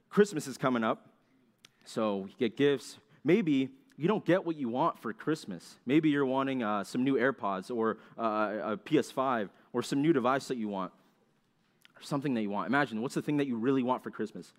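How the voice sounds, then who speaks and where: A young man preaches in a relaxed, conversational way and keeps asking his listeners questions. Now and then he slips into quick complaining voices to act out everyday moments. His voice sits at a middle pitch. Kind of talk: sermon.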